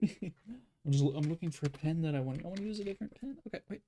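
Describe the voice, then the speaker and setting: A man's voice: fairly high pitch, lively intonation, quick pace, warm tone, a little hiss or hum. A man talking to himself in a rambling way as he draws, giving casual commentary. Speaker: artist.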